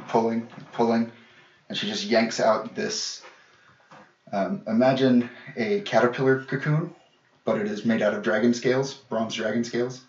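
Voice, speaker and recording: A man narrating a tabletop game as game master, describing scenes in a casual way with many fillers. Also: mid-range voice. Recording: echoey room, dull lo-fi sound.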